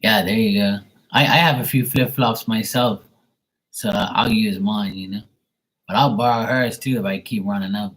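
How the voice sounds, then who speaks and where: Deep voiced guy on a tarot livestream, blunt, cussing, ranting casually. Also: fairly even intonation, normal speed, a bit bright, low-quality recording. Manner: blunt, profane, ranting with chuckles.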